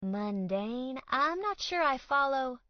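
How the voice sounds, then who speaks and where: An exasperated young woman, as a female narrator reads her, politely sarcastic and increasingly fed up. She sits a bit higher than the narration. The sound is dry and slightly dull. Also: expressive, slow, dry recording. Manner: polite but irritated, sarcastic.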